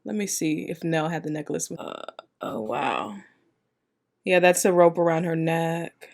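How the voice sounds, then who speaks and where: A woman's voice: sits low, a little slow, vocal fry, darkish tone. A woman hosting a reaction video, talking casually in an emotional, exclamatory way with plenty of slang.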